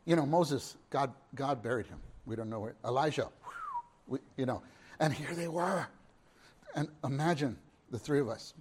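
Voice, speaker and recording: A man preaching a sermon. He swings from hushed murmurs to loud exclamations, repeats his phrases and keeps asking his listeners questions. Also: mid-range voice, normal speed, noisy background.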